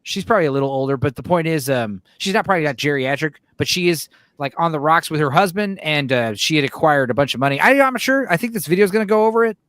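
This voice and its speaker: A young man hosting a casual hangout chat, rambling and crude, with quick quoted voices thrown in. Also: on the high side, animated, fairly bright tone, no echo. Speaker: host.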